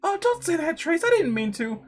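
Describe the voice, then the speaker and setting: Woman doing an excitable young tiger-woman. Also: very high-pitched, normal speed, pitched above the performer's own voice. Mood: affectionate. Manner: excitable, bright.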